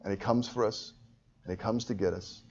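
A man preaching a sermon with passion, his voice swelling loud at high points. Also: steady tone, brisk, slightly rough, lo-fi sound. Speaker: pastor.

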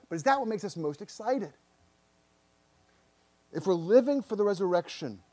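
In church, a pastor delivers a sermon in a voice that is high-pitched for a man, with a somewhat dark tone. He speaks earnestly, frequently repeating words as he presses searching questions on the congregation.

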